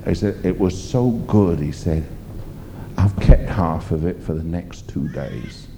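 Low dark preacher guy, emphatic rambly sermon, faint rumble behind. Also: expressive, unhurried. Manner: emphatic, rambling storytelling with fillers.

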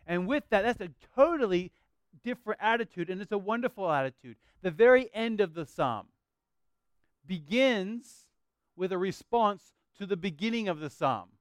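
An Australian man preaching a sermon, earnest, slowing down to draw out scripture and prayers. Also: sits high, expressive, smooth, no room sound, clean studio sound. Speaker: pastor.

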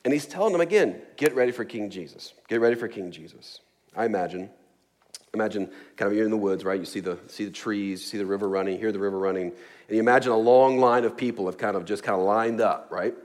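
A man's voice: lowish voice, fast talker. A man preaching a sermon in a casual, joking way, with chuckles, asides and many fillers. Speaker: pastor.

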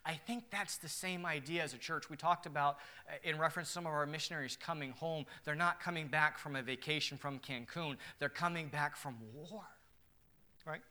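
Bright, earnest male pastor preaching. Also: fairly high pitch, brisk. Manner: earnest, emphatic, swinging between quiet and loud. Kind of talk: sermon.

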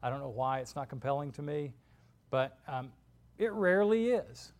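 A man preaching a sermon in a conversational, candid way, animated as he retells stories. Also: medium pitch, moderate pace.

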